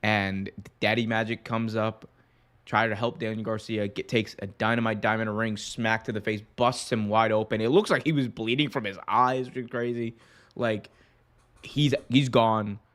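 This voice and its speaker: A man hosting a podcast, giving a casual recap and answering fan questions in a rambling, excitable way. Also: fairly low pitch, moderate pace. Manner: rambling and excitable, heavy use of "like". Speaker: podcast host.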